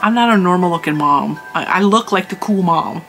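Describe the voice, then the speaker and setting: A woman's voice: on the low side, fairly quick, a bit bright, faint music behind, poor audio. A middle-aged woman telling a story in a casual, chatty vlog, emphatic, with lots of "like" and laughs. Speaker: crafting channel host.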